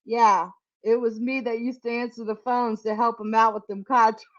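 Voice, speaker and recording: A woman's voice: fairly high pitch, flat delivery, moderate pace. A middle-aged woman telling a candid, profane story from her working life in casual chat, laughing often. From United States. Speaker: tech channel host. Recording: dull lo-fi recording.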